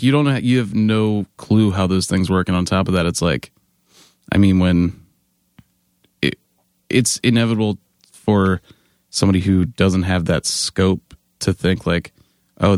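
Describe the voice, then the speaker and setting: A man in a band telling animated, laughing tour anecdotes in casual chat, mimicking other people's voices. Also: deep voice, moderate pace, smooth, dry recording, clean studio sound. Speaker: band member guest.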